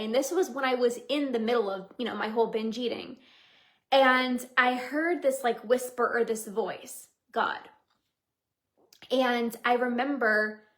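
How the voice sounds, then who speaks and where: A woman's voice: on the high side, a bit bright. A young woman hosting a solo motivational podcast as a coach, talking earnestly and heartfelt, with lots of repetition and "like". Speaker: podcast host and binge-eating coach.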